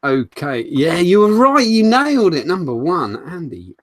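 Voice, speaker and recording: A man's voice: sing-song, moderate pace, a bit bright, no echo, studio quality. A British man co-hosting a casual chat show, joking and swearing freely. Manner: jokey and swearing, pitch swinging up and down. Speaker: co-host.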